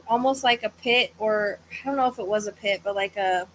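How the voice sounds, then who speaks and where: She talks a little fast in a mid-range, somewhat bright voice, hosting a psychic medium livestream from home with a fan running. The casual chat is tired, hesitant and rambling, filled with fillers and occasional yawns. A little hiss or hum marks the low-quality recording.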